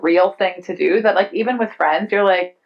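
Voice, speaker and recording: A woman's voice: mid-range voice, normal speed, vocal fry, dull audio. A woman on a conference panel, talking in a thoughtful, casual way and often saying "like". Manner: thoughtful, frequent "like" fillers. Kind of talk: casual Q&A discussion. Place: conference room.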